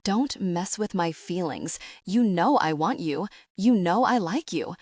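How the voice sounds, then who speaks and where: A woman's voice: lowish voice, animated, measured pace, darkish tone, no room sound, studio quality. A woman narrator voicing a rugged, protective young man in an audiobook, speaking firmly and directly. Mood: earnest firm. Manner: firm and direct. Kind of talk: audiobook dialogue.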